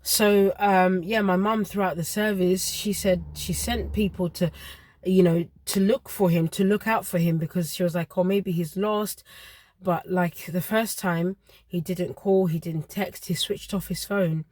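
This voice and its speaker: A woman, around her thirties, earnestly telling a personal story with emotional pauses. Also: on the low side, fairly even intonation, darkish tone, no echo.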